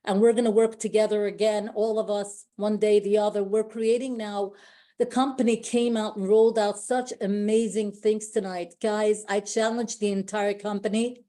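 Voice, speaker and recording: Effusive woman with a mellow voice. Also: medium pitch, level tone, moderate pace. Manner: effusive, repeats herself, restarts sentences. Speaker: company team leader speaking on a call. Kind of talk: emotional motivational speech.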